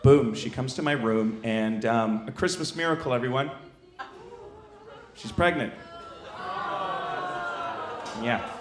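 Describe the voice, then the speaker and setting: A man doing stand-up comedy, telling a story in a brash, animated, self-mocking way. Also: mid-range voice, a little slow, roomy sound, slight background noise.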